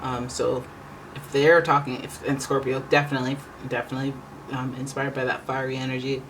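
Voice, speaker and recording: Tarot reader chatting loosely, keeps restarting thoughts, average pitch, light background noise. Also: little pitch movement, fairly quick, a bit bright, rough recording. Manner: rambling, chatty, self-correcting. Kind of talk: casual tarot reading monologue.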